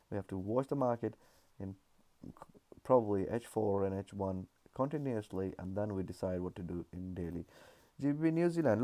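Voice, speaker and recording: Male chart analyst, somewhat low and warm tone, casual and repetitive delivery, lots of ums and uhs. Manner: loose, repetitive explaining with frequent fillers. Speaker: trading analyst. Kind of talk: casual market chart walkthrough.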